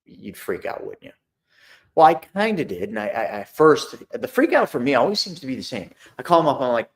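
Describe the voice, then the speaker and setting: A middle-aged man talks straight to his online audience in a loose, conversational way. He circles back and repeats himself, and he acts out his phone calls. His voice sits at an ordinary middle pitch. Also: very animated, fairly quick. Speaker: host of a money and investing talk. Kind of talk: casual live talk to an online audience.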